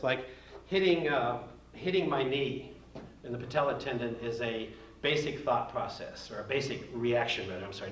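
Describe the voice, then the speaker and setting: A man teaching a psychology lecture in a folksy, joking way, with playful asides. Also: medium pitch. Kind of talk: recorded classroom lecture. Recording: roomy, distant, dull lo-fi with faint hiss.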